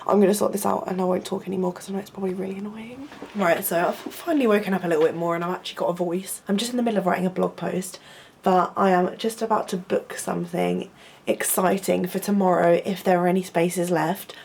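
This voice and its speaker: A young woman, a university student, chatting casually in a rambling vlog from her student flat. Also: fairly low pitch, fast talker, creaky, husky. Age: young adult. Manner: rambling, lots of "like" fillers.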